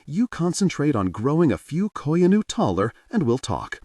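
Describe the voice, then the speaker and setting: Misaki, calm young mother, as a man voices her. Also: on the high side, normal speed, no echo, studio quality, distant mic, voice pushed up. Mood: gentle. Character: young woman, playful warrior mother.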